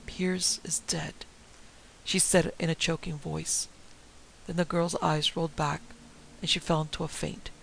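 Man, audiobook narration, very gravelly voice, slightly high, measured. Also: flat delivery, a bit bright, slight background noise, poor audio. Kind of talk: scripted narration.

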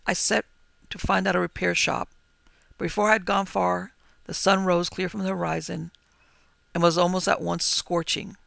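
A man narrating a ghost story in a measured, old-fashioned storytelling manner. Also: sits high, little pitch movement, creaky, bright, forceful tone, no echo.

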